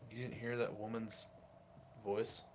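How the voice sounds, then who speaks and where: A man playing a tabletop game, excitable and joking with the others. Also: lowish voice, measured pace, a little hiss or hum. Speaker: player.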